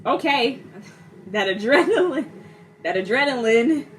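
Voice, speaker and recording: Young woman reacting to a movie, super expressive, pitch all over the place, lots of background hiss. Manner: animated, laughs often, acts out characters in quick impressions. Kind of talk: casual movie reaction commentary. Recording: steady background noise.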